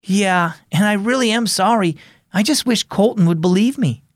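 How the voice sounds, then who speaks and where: A man's voice: sits high, dry recording, clean studio sound, voice pushed up, lightly acted. A man doing an earnest older brother. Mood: apologetic. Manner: earnest, quick to apologize. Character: remorseful older brother, a boy babysitting.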